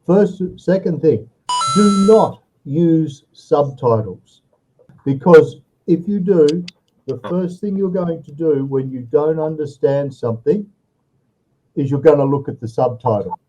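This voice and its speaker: Dark-voiced male tutor on a call. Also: fairly high pitch, a little slow, low-quality recording. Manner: instructive, repeats "all right" often. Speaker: online English tutor. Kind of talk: tutoring session advice.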